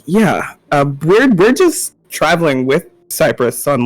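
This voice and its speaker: A woman player with a low voice and a slow, halting delivery. The sound is dry, with faint music behind. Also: sing-song, no room sound.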